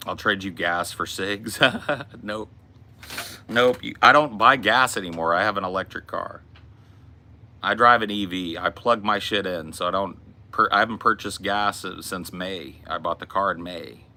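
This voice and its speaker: An American podcast host runs a casual Q and A with chat, blunt, easygoing, and cursing a lot. His voice sits low and unhurried, yet the tone is bright and forceful.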